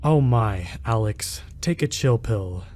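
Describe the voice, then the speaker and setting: A man's voice: fairly low pitch, lively intonation, slow pace, a little mellow, pitched below the performer's own voice. A man reading as a teasing young friend. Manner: teasing, upbeat. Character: joking young friend on a snowy night.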